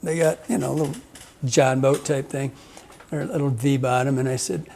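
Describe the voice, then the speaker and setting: A man's voice: mid-range voice, fairly even intonation, brisk, vocal fry, darkish tone. A man hosting a fishing podcast, telling rambling stories with frequent laughs and salty language. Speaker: podcast host, fly fishing guide. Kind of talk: casual storytelling chat.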